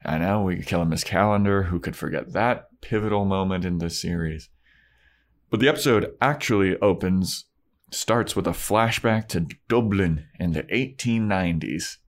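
A man co-hosting a laid-back podcast, talking in a low voice as he recaps a TV episode. He is loose and jokey, swears now and then, and slips into silly character voices. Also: moderate pace. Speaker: podcast co-host. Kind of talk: casual chat recapping a TV episode.

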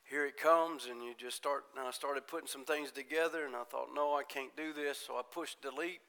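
A man preaching a sermon in church, retelling stories in quoted voices and building from quiet talk to loud, high-pitched preaching. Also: fairly even intonation, a little fast. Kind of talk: Pentecostal-style sermon.

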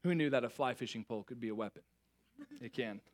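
A young adult man preaching a sermon, telling a self-mocking story with lively, animated delivery before reading scripture. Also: mid-range voice, fast. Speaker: pastor.

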